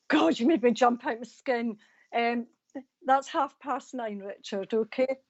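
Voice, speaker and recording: A woman's voice: fairly high pitch, a little slow, highs cut off. A Scottish woman with an East Coast accent, a psychic medium doing readings and chatting with viewers on a live stream. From Scotland. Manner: chatty, warm sign-offs to viewers.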